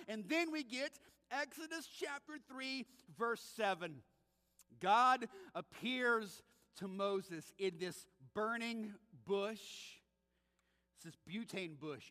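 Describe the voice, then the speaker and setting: A man's voice: high-pitched, bright, forceful tone. A man preaching a sermon as pastor, telling the story with animation and acting out the voices he quotes. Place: church sanctuary. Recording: long church reverb.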